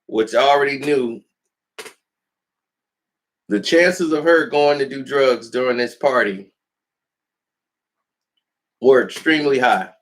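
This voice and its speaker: A man telling a personal story in a casual vlog, animated and acting out the people in it. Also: medium pitch, takes it slowly, pauses often.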